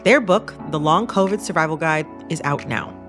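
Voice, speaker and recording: A woman's voice: deep voice, moderate pace, music in the background. Thoughtful woman radio host. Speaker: podcast host. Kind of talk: public radio interview.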